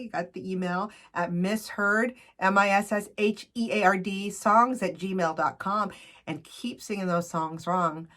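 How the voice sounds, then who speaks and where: A woman's voice: mid-range voice, a bit bright. A woman hosting a solo podcast, chatting casually and reading facts aloud with fillers and small self-corrections. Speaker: podcast host.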